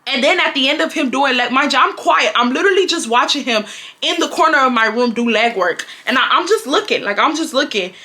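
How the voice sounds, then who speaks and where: Bright chatty woman in her twenties. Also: sits high, lively intonation, a little fast. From Houston, Texas. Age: 20s. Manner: chatty, emphatic, keeps saying "like" and "y'all". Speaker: vlogger. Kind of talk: storytime vlog.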